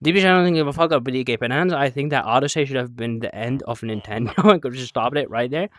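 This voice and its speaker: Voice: medium pitch, fast talker, no room sound. A young adult streamer chatting casually while playing a VR game, rambling, swearing and answering chat, a bit out of breath.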